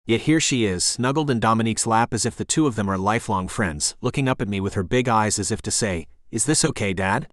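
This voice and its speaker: A man narrates a first-person romance audiobook in a measured storytelling way. His voice sits on the low side. The recording is close and dry. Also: no echo.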